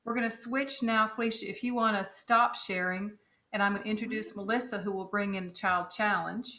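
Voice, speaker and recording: A woman's voice: mid-range voice, steady tone, fairly quick, pushed and bright, reverberant. A woman moderating a webinar, upbeat and organizing the next part.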